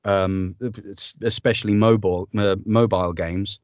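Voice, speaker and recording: Male voice-over artist; lower voice, dry close sound, chatty and upbeat. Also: fairly even intonation, a little slow, dry recording. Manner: chatty, upbeat, with frequent ums and laughs. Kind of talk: casual interview conversation.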